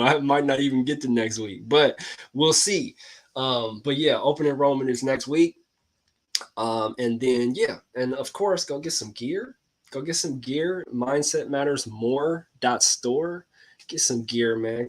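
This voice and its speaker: A man hosting a casual talk to his viewers, excitable and slangy, laughing often and calling out to the audience. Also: mid-range voice, measured pace. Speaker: host.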